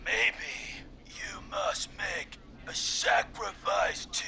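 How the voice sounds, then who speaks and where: A bratty teenage prank caller, putting on a creaky, whispered old-killer voice for a horror video game. He drags every word out very slowly, and the rasp sits high and sharp. Underneath the menace he is mocking and unconvincing. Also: very animated, a little hiss or hum, heavily acted. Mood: faltering threats. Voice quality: gravelly whispered old-man voice.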